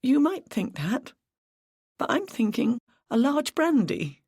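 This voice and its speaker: An audiobook narrator voicing Angela, a woman police detective, who answers quietly and sounds tired after a close call. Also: medium pitch, sing-song, slow, creaky, slightly rough, no echo, voice pushed up, exaggerated voice. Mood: shaken, tired.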